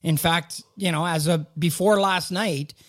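A man co-hosting a podcast, bantering in a casual chat and teasing himself with halting restarts. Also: on the high side, steady tone. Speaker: podcast co-host.

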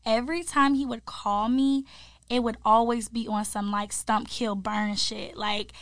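A woman in her twenties co-hosting a podcast, telling stories in relaxed casual chat and filling her sentences with "like.". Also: fairly high pitch, unhurried, no echo, studio quality. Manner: chatty storyteller, leans on "like" as filler. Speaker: podcast co-host.

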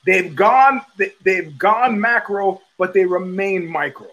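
Middle-aged male host, higher-pitched voice; loose, profane, rambling monologue with frequent restarts. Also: slow pace, fairly bright tone, rough recording. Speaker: podcast host. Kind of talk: casual monologue.

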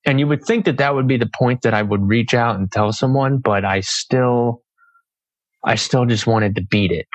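A young man as an interview guest, speaking earnestly and reflectively with halting phrasing. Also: on the low side, no echo, dull audio. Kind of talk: conversational interview.

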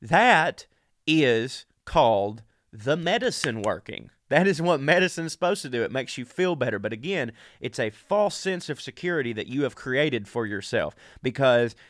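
A man's voice: mid-range voice, animated, normal speed, hardly any pauses. A man from the American South, sick and a little out of breath, hosting a crude, rambling, self-deprecating comedic monologue. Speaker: podcast host.

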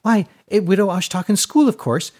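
A man voicing a small, chatty young girl with a high, breathy voice who prattles on. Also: darkish tone. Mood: gossiping. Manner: prattling, rapid gossip.

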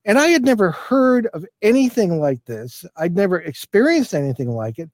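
A man's voice: high voice, very animated, normal speed, dry recording. An older man, a paranormal investigator, telling a long story in an interview, rambling with many fillers and restarts.

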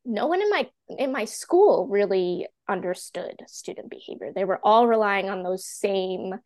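A woman in her thirties, a teacher and classroom coach, telling her story as a podcast guest in a chatty, animated way full of "like" fillers. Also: medium pitch, moderate pace. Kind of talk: candid personal storytelling in a podcast interview.

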